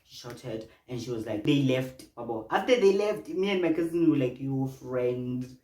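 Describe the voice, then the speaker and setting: A young man telling an animated storytime vlog, breaking off often to address his viewers. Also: mid-range voice, moderate pace. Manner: animated, exclamatory, chatty asides to viewers. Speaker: vlogger. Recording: roomy room with faint noise.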